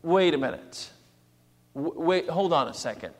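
A man's voice: a little high, lively intonation, moderate pace. A man preaching a sermon in a conversational way, slipping into acted asides. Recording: long hall reverb.

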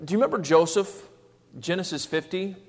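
A man's voice: sits high, expressive, a little fast. A man preaching a sermon in a conversational way, slipping into acted asides. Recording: long hall reverb.

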